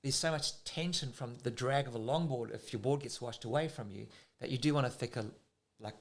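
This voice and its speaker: A man with a South African accent, a surf coach explaining technique in casual talk, getting excited and using everyday comparisons. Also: mid-range voice, brisk.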